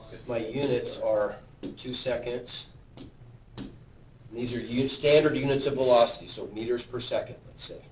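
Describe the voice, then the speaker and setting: A man teaching physics in a classroom, stopping often to ask the class questions and check they follow. He sounds far from the camera, with a roomy echo, a dull muffled tone and a faint hiss underneath. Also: medium pitch. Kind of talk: classroom lecture. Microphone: camera at a distance.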